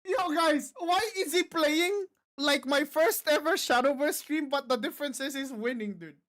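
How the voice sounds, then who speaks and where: A man reacting live to a card game tournament on stream, excitable and often shouting and laughing in disbelief. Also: very high-pitched, moderate pace.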